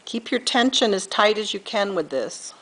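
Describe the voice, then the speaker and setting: A woman's voice: medium pitch, lively intonation, moderate pace, fairly bright tone, low-quality recording. A middle-aged woman giving a patient step-by-step beading tutorial, counting beads aloud and correcting herself as she goes. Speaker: beading instructor.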